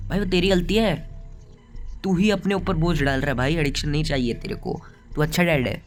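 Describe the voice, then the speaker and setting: A young man chats through a story game and jokes about its characters. He talks very fast in a fairly high voice. Loud game music plays underneath. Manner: fast, joking, chatty. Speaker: gaming channel host. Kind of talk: casual game commentary.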